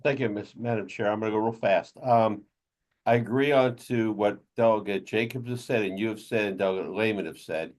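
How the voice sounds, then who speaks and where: Blunt man legislator, low voice. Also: fairly quick. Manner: blunt, sarcastic. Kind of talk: committee discussion.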